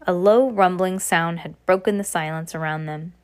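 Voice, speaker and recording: A woman reading a novel aloud in a steady manner, with occasional restarts. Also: lowish voice, moderate pace, hardly any pauses. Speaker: reader.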